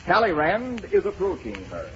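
A man's voice: high-pitched, wildly swooping pitch, moderate pace, fairly bright tone. A man as announcer and straight man in a radio comedy, teasing his partner in a dry, patient way. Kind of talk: 1930s radio comedy banter. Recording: dull old radio broadcast with hiss.

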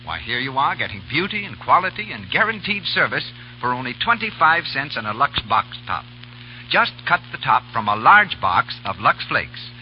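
A man's voice: medium pitch, sing-song, normal speed, faint music behind. A man reading a radio advertisement as the announcer, in a chummy, persuasive salesman manner. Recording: muffled 1930s radio broadcast with hiss.

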